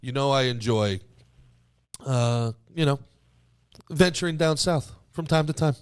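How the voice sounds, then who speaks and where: A man's voice: mid-range voice, a little slow, smooth, no room sound. Young male co-host, casual crude banter, restarts a lot, dry recording. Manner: crude, joking, rambling with restarts. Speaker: podcast co-host. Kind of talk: casual comedic chat.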